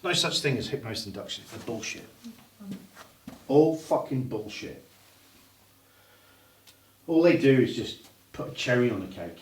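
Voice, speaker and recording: A man's voice: medium pitch, lively intonation. Guy teaching hypnosis, swears a lot, blunt, mic far off in an echoey room. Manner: blunt and heavily profane; switches into slow hypnotic suggestion for demos. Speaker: hypnotherapy trainer. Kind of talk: hands-on training demonstration. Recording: roomy room, distant mic, faint noise.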